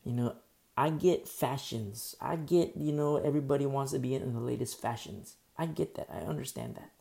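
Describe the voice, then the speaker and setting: Gravelly-voiced man preaching a sermon. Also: mid-range voice, moderate pace, mellow. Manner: teaching verse by verse, repeating key phrases for emphasis; asks the listeners rhetorical questions. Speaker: pastor.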